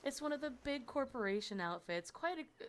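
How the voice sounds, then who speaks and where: A woman voicing a smooth, evasive male resort narrator in a game, dropping her voice lower and quieter, with dry asides. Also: animated, moderate pace, a little hiss or hum. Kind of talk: reading game narration aloud.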